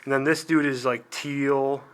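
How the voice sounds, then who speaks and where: A young man hosting a casual unboxing video in a middle-pitched, everyday voice. He rambles, fills gaps with "like", and makes fun of himself as he goes. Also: steady tone, measured pace. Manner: rambling and self-deprecating, full of "like" and trailing asides. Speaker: video host.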